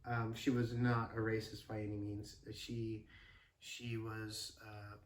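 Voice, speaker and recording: A man, a father and podcast host, telling stories in a casual, rambling, animated way, quick to laugh. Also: fairly low pitch. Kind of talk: casual storytelling chat. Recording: roomy room with a distant mic.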